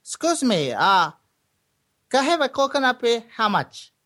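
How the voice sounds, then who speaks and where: A man's voice: sing-song, a bit bright. A man voicing a timid shopper with broken English who haggles over a coconut price. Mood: polite haggling. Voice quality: squeaky, halting.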